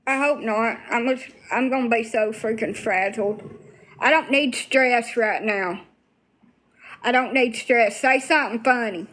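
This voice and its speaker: A woman's voice: fairly high pitch, a little slow, fairly bright tone. A woman talking bluntly to viewers on a casual livestream, swearing freely.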